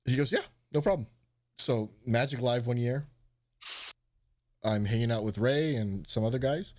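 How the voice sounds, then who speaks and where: A male live stream host with a mid-range voice and moderate pace relates a story in a casual way. Expect lots of swearing, plenty of animation, and quoted lines delivered in a raised voice.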